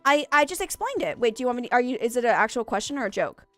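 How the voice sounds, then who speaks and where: A young woman streams a game and chats with her viewers in a loose, rambling way, often stopping to correct herself. Her voice sits a little high and sounds a bit stuffy in the nose. The sound is dry and close, with faint music playing underneath. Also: big pitch swings, a bit bright, dry recording. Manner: chatty, rambling, quick self-corrections. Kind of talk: casual live-stream chat.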